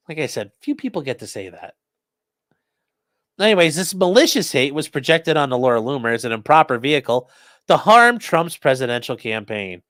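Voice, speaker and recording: Bright, dry-voiced sarcastic male streamer. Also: mid-range voice, very animated, normal speed, no room sound. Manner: sarcastic, bursts into shouted mock voices. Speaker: streamer reading live chat. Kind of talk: live-stream commentary.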